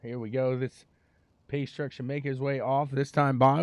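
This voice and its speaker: A man doing live race commentary, energetic and chatty, joking with viewers between calls of the action. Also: medium pitch, moderate pace, dry recording, studio quality. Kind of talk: live sim racing commentary.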